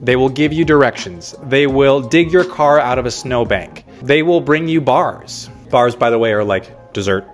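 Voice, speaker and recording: A man's voice: medium pitch, moderate pace, hardly any pauses. A young man from Minnesota, a realtor, talking casually to camera in an upbeat, playful way with mock-stern asides. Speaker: realtor and relocation vlogger. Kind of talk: casual talking-head vlog. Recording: faint music underneath.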